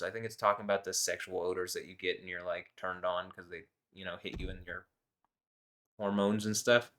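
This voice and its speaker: Rambling, profane man, low voice. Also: level tone, a bit bright. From United States. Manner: profane, rambling, reads verses slowly then rants. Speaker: host. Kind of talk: scripture reading with rambling commentary.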